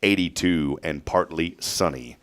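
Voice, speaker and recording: A man's voice: a bass voice, unhurried, fairly bright tone. A man with a Texan accent hosting a casual morning radio show, folksy and joking with his guests.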